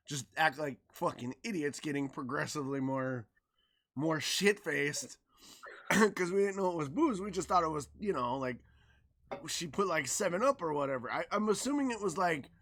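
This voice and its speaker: Man, podcast co-host, animated swearing storyteller, bright sharp tone, wide swings. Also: on the high side, normal speed. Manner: animated, swearing, acts out quotes loudly. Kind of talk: casual storytelling chat.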